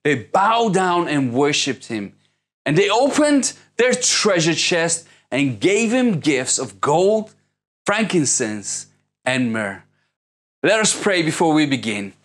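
High-voiced man preaching emphatically. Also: big pitch swings, slow pace, fairly bright tone. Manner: prayerful, then building into impassioned preaching; emphatic repetition of phrases. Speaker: pastor. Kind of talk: sermon.

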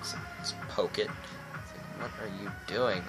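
A sleep-deprived young man talks close to his webcam in a low, loose voice, hyper and rambling. He is goofy and scattered. Music plays clearly under his talk. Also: a little slow. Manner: rambling and goofy, hyper, jumps between silly voices and mock poetry. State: exhausted from lack of sleep. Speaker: gaming YouTuber. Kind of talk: rambling casual vlog talk. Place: indoors at home, at night into dawn. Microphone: webcam close to the face. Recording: music playing behind.

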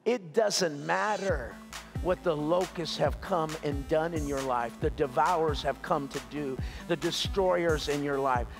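A man's voice: fairly high pitch, a little slow, creaky, music in the background. A man preaching a sermon as pastor, with an impassioned, repetitive cadence, speaking in a large church sanctuary. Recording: long hall reverb.

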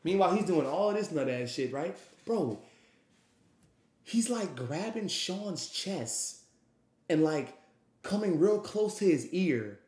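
A man's voice: high voice, animated, takes it slowly, long pauses, a little mellow, reverberant. A man telling a wild story in a rambling, profane way, acting out what others said. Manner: profane, rambling, acts out quotes. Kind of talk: animated storytime.

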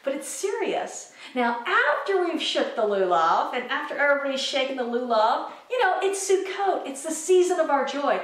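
Brief: high-voiced woman, kids' Bible teacher, chatty and animated, recorded from a distance in a very echoey room. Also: normal speed, few pauses. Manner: chatty and animated, with fillers and asides. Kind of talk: informal teaching video for kids. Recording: echoey room, mic far off.

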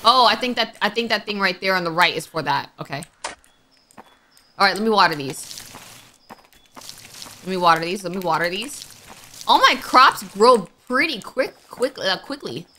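A young woman giving let's-play commentary, jumpy and excitable, quick to panic and squeal at scares. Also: medium pitch, a little hiss or hum. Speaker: gaming YouTuber.

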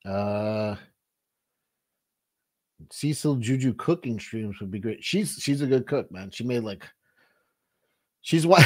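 A man hosts a casual livestream, chatting loosely with his co-host and the viewers. His voice sits at an ordinary middle pitch. He rambles, swears freely and often stops and restarts his sentences. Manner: rambling, profane, frequent restarts.

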